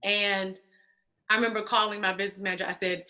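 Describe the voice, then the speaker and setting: A woman guest telling a personal story in casual conversation, animated and acting out quoted voices. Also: medium pitch, quick pace. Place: church stage.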